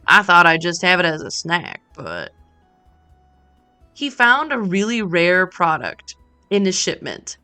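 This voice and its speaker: A woman's voice: fairly low pitch, sing-song, a little slow, pauses often, pushed and bright, faint music behind. A woman streaming a cozy game, chatting playfully with joking asides and casual swearing. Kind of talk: casual gameplay chat.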